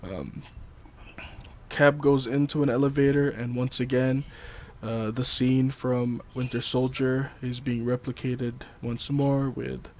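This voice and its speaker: A man's voice: medium pitch, little pitch movement, takes it slowly, a little mellow, slight background noise. A man co-hosting a casual film discussion, rambling with frequent ums and laughing often. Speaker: podcast co-host.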